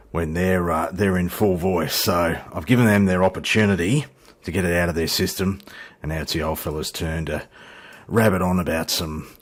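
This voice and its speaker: A middle-aged Australian man with a deep voice chats away in loose, rambling commentary. He is self-deprecating and drops the odd casual swear word. He talks into a desk mic at home. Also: slightly rough. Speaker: flight sim YouTuber.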